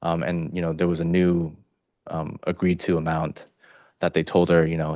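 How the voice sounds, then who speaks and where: A man testifying as a witness in a courtroom, speaking haltingly with many "you know" fillers. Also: low voice, little pitch movement, darkish tone, no room sound, clean studio sound.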